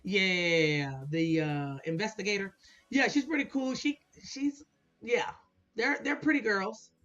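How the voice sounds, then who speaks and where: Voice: mid-range voice, takes it slowly, a bit bright. Chatty vlogger with a blunt, swearing recap delivery, recorded on dull lo-fi audio with faint background music. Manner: chatty, blunt, laughs often, swears casually. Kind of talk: casual commentary.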